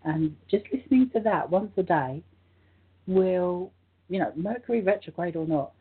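A woman co-hosting a spiritual talk show, her voice croaky, gently guiding listeners through a meditation. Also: lowish voice, animated, normal speed. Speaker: co-host. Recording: tinny phone-like line.

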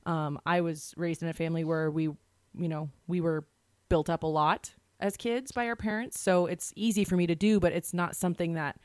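A woman's voice: lowish voice, steady tone, moderate pace, dry recording. A woman co-hosting a podcast in casual chat, talking in a chatty, rambling way. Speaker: podcast co-host.

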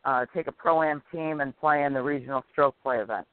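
A woman's voice: extremely low pitch, a little fast, no echo. A woman co-hosting a radio show, explaining her plans in a matter-of-fact, casual way. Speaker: radio co-host and golf professional. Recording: dry phone-like line.

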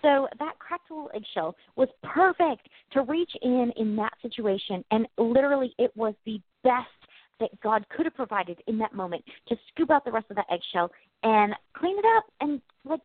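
Brief: earnest middle-aged woman co-host, high voice, phone-line sound. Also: animated, moderate pace, dry recording. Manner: earnest, reflective, gently preachy. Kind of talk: casual faith chat. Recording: dry, tinny phone-like audio.

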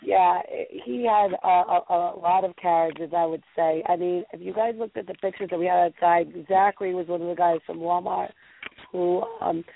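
A woman's voice: on the low side, fairly even intonation, normal speed, gravelly. A woman hosting a casual call-in show, telling rambling stories full of filler words. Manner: rambling storyteller, many fillers. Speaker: show host. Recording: tinny phone-line audio with faint noise.

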